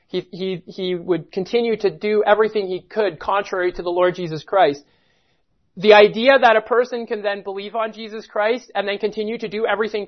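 A man's voice: high-pitched, highs cut off. A man preaching a sermon, earnest, quoting scripture in old-style English. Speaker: pastor.

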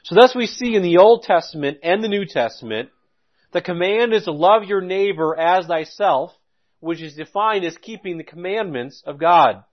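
Delivering a sermon in a fairly high, expressive voice, this man reads scripture slowly and carefully before easing into simple, conversational teaching. He occasionally restarts his phrases, and the audio sounds muffled and lo-fi.

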